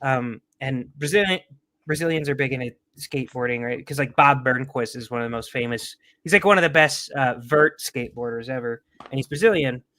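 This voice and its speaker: A man's voice: medium pitch, brisk, bright, forceful tone. Rambling, profane man chatting. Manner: rambling, profane, joking asides. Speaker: podcast host. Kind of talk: casual livestream chat.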